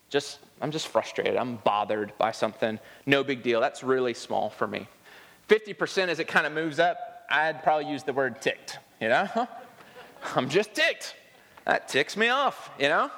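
Male pastor, slightly higher voice, easy conversational sermon, long church reverb. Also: fairly bright tone. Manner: conversational, self-deprecating humor, acts out quotes. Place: church sanctuary.

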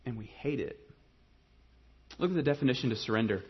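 Husky-voiced pastor telling a funny story. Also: male voice, medium pitch, animated, a little fast, pauses often, muffled recording. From Ohio. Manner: humorous storytelling, dropping to a quiet earnest tone. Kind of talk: storytelling sermon.

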